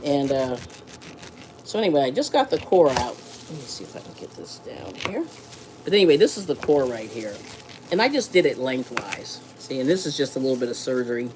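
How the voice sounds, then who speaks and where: A woman with a low voice hosts a live cooking stream from a home kitchen, talking loosely and laughing often. Her pitch swoops widely as she rambles and greets viewers, with a faint hiss underneath. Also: sing-song, brisk. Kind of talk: casual chat while cooking.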